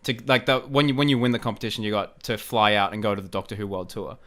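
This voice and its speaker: A young man with an Australian accent, telling a story in an excitable casual podcast chat, often laughing and repeating himself. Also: lowish voice, fast. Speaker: guest, fan video creator.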